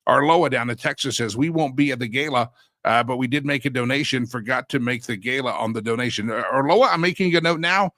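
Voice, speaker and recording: Bright-voiced folksy male talk host. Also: mid-range voice, fairly quick, dry recording. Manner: folksy, chatty, sing-song catchphrase. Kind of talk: casual monologue.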